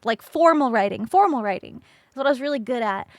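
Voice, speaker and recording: Young woman streamer, high, swooping voice, dry close sound, laughs and swears through casual stories. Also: fast, no room sound. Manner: animated, laughs often, swears freely. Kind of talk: casual storytelling to a chat.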